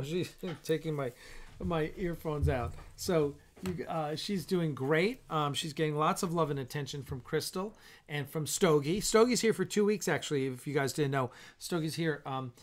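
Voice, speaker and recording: Male live-stream host, slightly high voice, tired and blunt, loose casual chat. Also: moderate pace. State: tired and yawning.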